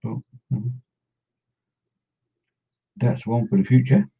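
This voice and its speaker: Working on miniatures, a man chats casually, rambling along and humming and mumbling to himself. He takes it slowly in a husky mid-range voice with fairly even intonation, heard through dull lo-fi sound.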